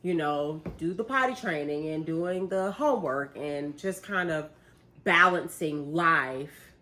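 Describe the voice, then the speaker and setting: A young woman tells a story in a relaxed, chatty way. She jumps between her own voice and the voices she quotes, with plenty of laughter. Her voice sits on the low side for a woman. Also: slow. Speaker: vlogger, bride-to-be. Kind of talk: casual storytelling chat.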